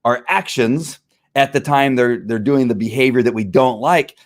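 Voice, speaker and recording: A man who trains dogs, answering viewer questions in a rambling, animated way. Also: mid-range voice, normal speed, no echo, studio quality. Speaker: dog trainer. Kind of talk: casual Q&A talk.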